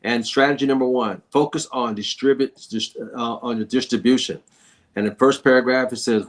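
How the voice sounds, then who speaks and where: A man's voice: medium pitch, fairly even intonation, normal speed. A man hosting a book discussion, reading passages aloud and riffing on them in a repetitive, folksy, preacher-like way. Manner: repetitive, folksy, sermon-like emphasis. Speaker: book review host.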